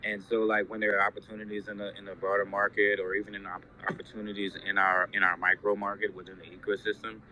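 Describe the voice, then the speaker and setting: A man's voice: on the low side, flat delivery, fast talker, few pauses, pushed and bright. A man dropping into a casual online audio chat with upbeat, hype-filled encouragement from a noisy restaurant. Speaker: listener joining the chat.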